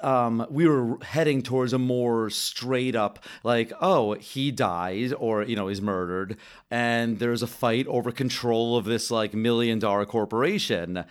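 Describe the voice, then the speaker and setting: A young man co-hosting a casual film review podcast, talking in an animated way, swearing casually and stumbling over his words. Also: mid-range voice. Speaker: podcast co-host.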